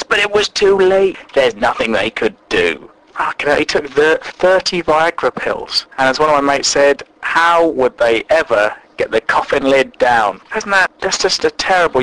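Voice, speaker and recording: A man's voice: a little high, dry recording, low-quality recording. A man hosting a casual solo show, jokey and crude, laughing at his own remarks. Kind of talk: casual solo chat, reading aloud. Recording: music playing loud behind.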